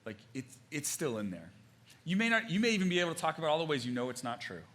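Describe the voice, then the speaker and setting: A man's voice: a little high, very animated, quick pace, a bit bright. A man preaching a sermon in church, talking conversationally with many fillers and restarts and acting out quoted phrases. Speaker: pastor. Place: church stage.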